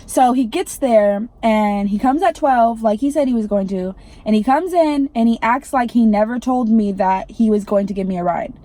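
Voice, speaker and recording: A woman's voice: a little high, moderate pace, few pauses, warm tone. A young woman, telling an irritated storytime rant to her vlog viewers, swearing and saying "like" a lot. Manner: irritated, swearing, heavy use of "like". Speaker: vlogger.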